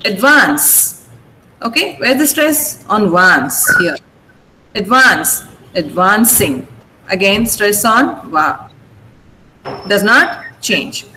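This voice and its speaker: A woman with an Indian English accent who teaches pronunciation in an online class, slowly repeating words and stressing syllables. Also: medium pitch, sing-song, pushed and bright. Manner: slow, deliberate, repeats words for pronunciation drills. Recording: echoey room with faint noise.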